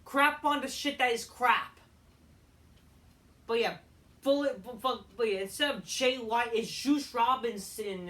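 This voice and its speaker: A woman's voice: mid-range voice, a bit bright. Woman, ranting review, profane, rambling, heated, set back from the mic. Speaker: wrestling show reviewer. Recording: voice a bit far from the mic.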